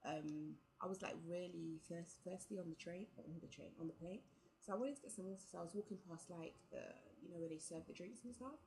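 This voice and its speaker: A woman's voice: on the low side, brisk, darkish tone, slight background noise, rough recording. A young woman, telling a travel story casually to camera and filling it with "like" and quoted dialogue. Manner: chatty, full of "like" and quoted dialogue. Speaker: vlogger.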